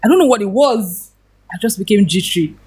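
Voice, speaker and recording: Woman, thirties, interview guest, lively storyteller who laughs easily. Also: medium pitch, fairly quick, slightly rough. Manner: animated, laughs often while telling.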